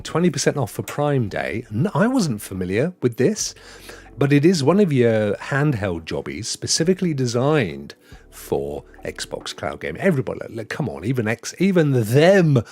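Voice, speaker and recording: Excitable British man hosting a live stream. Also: mid-range voice. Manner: excitable, chatty, reads viewer comments aloud. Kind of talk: casual live-stream chat. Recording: faint background music.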